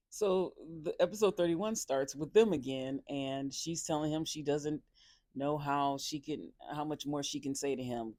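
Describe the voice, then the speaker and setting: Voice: mid-range voice, a little mellow, dry recording. A reality show reviewer giving a casual episode recap, talking loosely with many fillers and restarts and adding sarcastic, opinionated asides.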